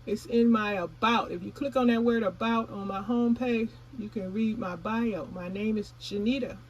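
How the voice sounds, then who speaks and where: Eine Frau, die in lockerem Plauderton für ihren Gartenkanal vlogt, ihre Zuschauer direkt anspricht und manchmal beim Kauen redet. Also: female voice, a little high, fairly even intonation, moderate pace, muffled recording, slight background noise. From California. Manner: chatty, addresses viewers as y'all; talks while chewing. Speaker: gardening vlogger. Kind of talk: casual vlog chat.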